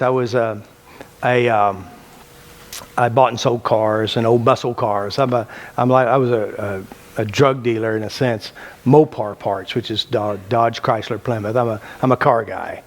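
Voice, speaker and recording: Preachy man quizzing his audience. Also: medium pitch. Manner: preachy, rhetorical questions, asks the room. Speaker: self-help teacher. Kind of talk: talk to a live audience.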